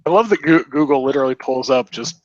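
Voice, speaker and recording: A man's voice: mid-range voice, quick pace, no echo, lo-fi sound. A man co-hosting a casual podcast, making dry, wry asides. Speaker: podcast co-host. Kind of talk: casual group chat.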